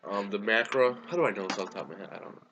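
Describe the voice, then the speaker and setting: A man's voice: fairly low pitch, rapid-fire, noisy background. A man casually co-hosting a review chat, hesitant and full of ums and restarts, sounding tired. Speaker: co-host reviewing a TV series.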